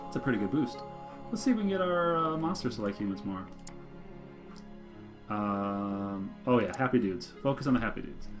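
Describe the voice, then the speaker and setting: A man casually narrating his way through a video game, reading its text aloud and reacting with cheerful enthusiasm. His pitch swings around lively and freely, with game music playing clearly underneath. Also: normal speed, pauses often. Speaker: let's play host. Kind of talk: casual gameplay commentary.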